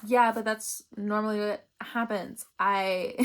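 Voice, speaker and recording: A woman's voice: mid-range voice, fairly even intonation, slow pace, fairly bright tone, clean tone. A young woman giving a casual, rambling spiritual reading, chatty and laughing often. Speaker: tarot reader.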